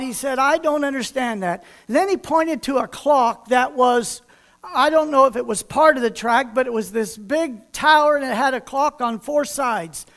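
A man's voice: very high-pitched, moderate pace, fairly bright tone. A man preaching a sermon, telling a folksy personal story and voicing the people in it.

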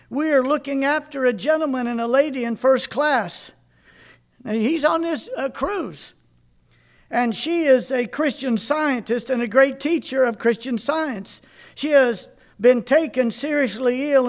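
A man preaching fervently, reading aloud from a book and stopping to comment, with exclamations of praise. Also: extremely high pitch.

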